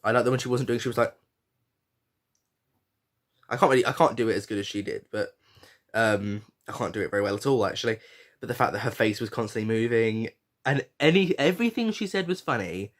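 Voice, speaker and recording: A man talks casually through a review in a middle-pitched voice. He is frank and blunt, swears freely, and fills his talk with restarts and fillers. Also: brisk, pauses often. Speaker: podcast host reviewing a reality show.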